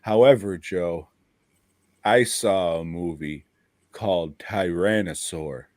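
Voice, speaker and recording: A man's voice: deep voice, slow pace, darkish tone, no room sound, clean studio sound. A man co-hosting a casual podcast chat, blunt and profane, laughing often. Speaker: podcast co-host.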